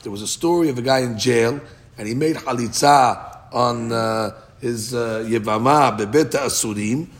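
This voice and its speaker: A man's voice: medium pitch, moderate pace. A man teaching a Talmud study class, explaining in English with chanted Aramaic quotes and frequent restarts.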